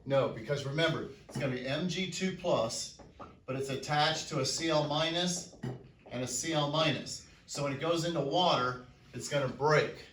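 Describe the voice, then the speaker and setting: This is a classroom lecture by a high school chemistry teacher whose voice is fairly high and a bit bright, delivered at normal speed. He asks the students questions, then answers them on his own, captured distantly in an echoey room with some hiss or hum.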